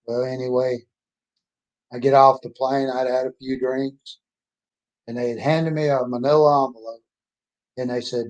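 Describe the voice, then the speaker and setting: Telling the story of his life, a man in his sixties introduces himself casually, rambling in a folksy, plain manner. His medium-pitched, slightly mellow voice has little pitch movement, moves at a normal speed with frequent pauses, and the sound is lo-fi.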